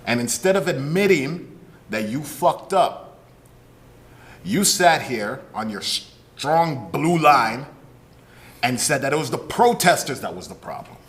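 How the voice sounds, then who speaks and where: A man's voice: medium pitch, lively intonation, takes it slowly, long pauses, a bit bright. A man co-hosting a podcast, ranting with anger and biting sarcasm, often swearing. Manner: angry, sarcastic, profane ranting. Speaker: podcast co-host. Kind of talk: heated podcast commentary.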